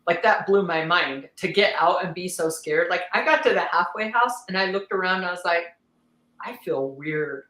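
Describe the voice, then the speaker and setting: A woman guest on a podcast, telling her story in a candid, lively way, laughing often and acting out what others said. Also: lowish voice, fairly quick, hardly any pauses, roomy sound, low-quality recording. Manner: animated, laughs often, acts out quoted voices.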